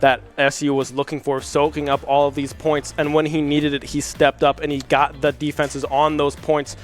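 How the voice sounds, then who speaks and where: A young man calling live college esports play-by-play, rapid and rising at big plays. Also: fairly high pitch, little pitch movement, faint music behind.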